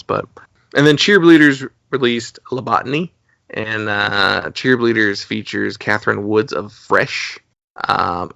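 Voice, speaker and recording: A man's voice: fairly low pitch, vocal fry, bright, forceful tone, no room sound. A man co-hosting a podcast, talking casually about albums in a rambling way with lots of fillers. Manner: rambling, with many fillers and laughs. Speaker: podcast co-host. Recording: dull, slightly lo-fi dry recording.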